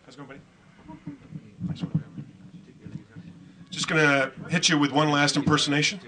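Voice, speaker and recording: Middle-aged male emcee with a high voice, loose and profane stand-up banter that teases himself and the crowd. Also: steady tone, moderate pace, pushed and bright. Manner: rambling, self-mocking, profane. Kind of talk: stand-up comedy and crowd work.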